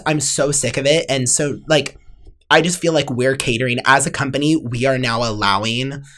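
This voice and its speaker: A young woman with a very low voice holds forth in a loose, filler-heavy podcast chat. She sounds exasperated and keeps circling back to vent. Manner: exasperated, ranting, frequent fillers. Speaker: podcast co-host. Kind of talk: casual chat.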